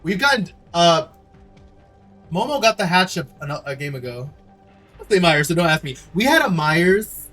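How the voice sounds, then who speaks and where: A young man streams a game and reacts with sassy, dramatic chatter. His voice sits high and swings all over the place. Faint music plays underneath. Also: very animated, moderate pace, pauses often, sharp tone. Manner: dramatic, sassy, shrieking and laughing. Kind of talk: gaming livestream commentary.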